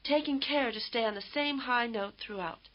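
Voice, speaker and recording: A fairly high-voiced woman reading scripted lesson instructions in a measured, explanatory way. The sound is dull and lo-fi, like old course audio. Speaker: language course narrator.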